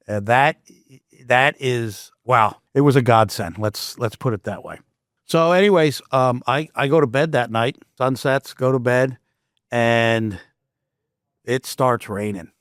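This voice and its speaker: A man's voice: fairly low pitch, dry recording, clean studio sound. A man hosting a podcast, telling a personal story casually and animatedly, often restarting his sentences. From Canada. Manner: animated, with frequent restarts and asides. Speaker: podcast host.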